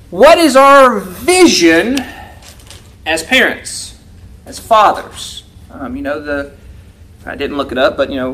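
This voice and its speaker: Man, high-pitched, church Bible lesson, questioning, reads scripture aloud. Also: a bit bright, slight background noise. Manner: asks the class questions, reads verses aloud. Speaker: Bible class teacher.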